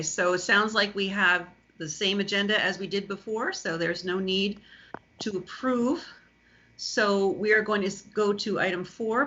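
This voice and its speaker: Over lo-fi video call audio, a woman with a medium-pitched, sharp voice chairs a remote public board meeting. She is polite and procedural, often saying "um."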